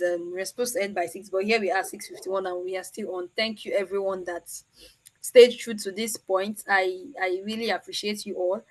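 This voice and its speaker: Chatty Nigerian woman hosting on a video call. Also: medium pitch. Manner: chatty and teasing. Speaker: online meetup host. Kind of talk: casual chat.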